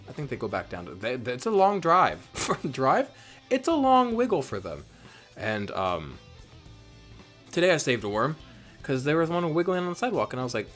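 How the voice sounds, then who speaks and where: A man's voice: mid-range voice, a bit bright. A man giving casual gameplay commentary, rambling, swearing often and mocking himself. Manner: rambling, profane, playful, self-mocking. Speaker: let's play host.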